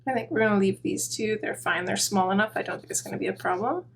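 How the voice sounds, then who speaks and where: A soft-spoken woman guiding a coloring session step by step, her voice sitting at an ordinary middle pitch. She chats casually and pokes fun at herself as she works, with a faint hiss of room noise underneath. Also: quick pace, vocal fry. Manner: soft-spoken, chatty, self-deprecating asides. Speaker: coloring tutorial host. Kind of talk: relaxed step-by-step coloring instruction.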